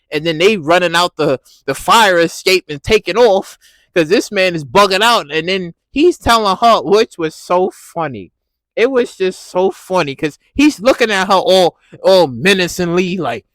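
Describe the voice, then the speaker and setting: A man giving a casual, animated recap of a TV episode, laughing and repeating himself as he reacts. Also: sits high, normal speed, no echo. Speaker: TV recap vlogger.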